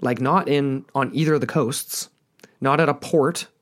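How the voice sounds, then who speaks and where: A man co-hosting a casual podcast, relaxed and wry, teasing his co-host now and then. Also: mid-range voice, normal speed.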